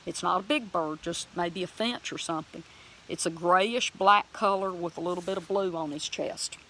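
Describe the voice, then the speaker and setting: A woman telling a personal faith testimony in a plain-spoken, folksy way, animated and emotional as she acts out her own words. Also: lowish voice, normal speed. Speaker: Christian vlogger sharing a testimony.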